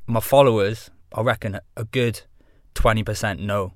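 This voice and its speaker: A man with a fairly low voice tells stories in a laddish, laughing way, full of slang. The sound is dry and close to the mic. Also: fairly even intonation, normal speed, dry recording. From Wales. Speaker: guest. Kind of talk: casual podcast chat.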